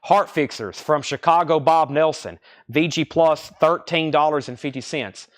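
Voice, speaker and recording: A young man hosting a live record sale, rambling casually between quick price call-outs. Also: a little high. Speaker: record store host running a live sale. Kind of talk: casual livestream sales patter.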